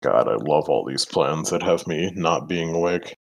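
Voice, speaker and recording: A man's voice: extremely low pitch, animated, normal speed, gravelly, low-quality recording. A man chatting as a tabletop game player, sarcastic and swearing heavily. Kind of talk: casual chat between players.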